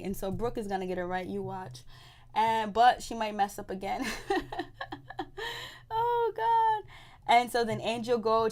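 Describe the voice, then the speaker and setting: A woman's voice: medium pitch, darkish tone. A woman hosting a casual recap, retelling the show's events in a chatty way full of slang and playful asides. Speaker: TV recap host. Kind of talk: casual chat recapping a reality show.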